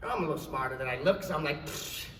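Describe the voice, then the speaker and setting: A lively, laughing man in his thirties with a New Zealand accent tells animated stories to a panel audience, his pitch swinging widely and sitting a touch high. He is heard from a distance, with a long echo from a large convention hall. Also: rapid-fire, over a noisy crowd. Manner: lively, laughing, acts out voices. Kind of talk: animated storytelling. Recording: echoey hall from far off.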